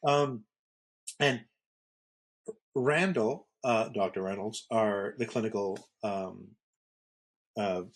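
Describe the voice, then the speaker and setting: A man's voice: on the low side, slow, pauses often. A middle-aged man from the Northeastern United States, co-hosting a podcast in casual conversation and telling rambling stories full of fillers and restarts. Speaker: podcast co-host.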